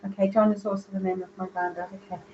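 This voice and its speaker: A woman's voice: medium pitch, flat delivery, very fast, dark tone, highs cut off, slight background noise. A woman, a psychic medium giving a live reading and relaying messages directly to viewers by name.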